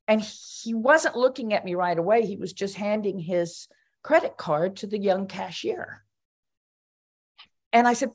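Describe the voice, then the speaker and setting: A woman's voice: medium pitch, expressive, measured pace. An older woman, a commission member, giving a spoken reflection at a meeting in a conversational storytelling way, with fillers and restarts.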